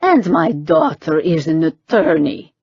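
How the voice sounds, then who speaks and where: A woman voicing a sharp-tongued older witch and mother, mocking and shrill. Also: sing-song, a little slow, slightly rough, no room sound, muffled recording, full character voice. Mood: scolding. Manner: mocking, shrill, sing-song.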